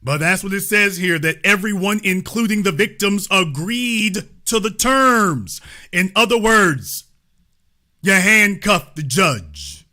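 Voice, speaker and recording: A man's voice: high voice, a little slow, bright, forceful tone. A man hosting a commentary show, reading news aloud and breaking in with emphatic remarks, repeated points and pointed rhetorical questions.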